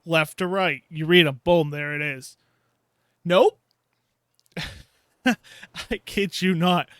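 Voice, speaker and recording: Male gaming YouTuber, higher voice, dry close mic, exasperated ranting review with laughs. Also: extremely slow, fairly bright tone, no room sound. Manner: exasperated, laughing storyteller who acts out his own reactions. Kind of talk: casual ranting game review.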